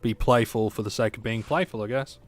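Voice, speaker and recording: A man's voice: fairly low pitch, brisk, soft background music. A young Australian man chatting casually and jokingly with his viewers while streaming a game, rambling from one thought to the next. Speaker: live streamer.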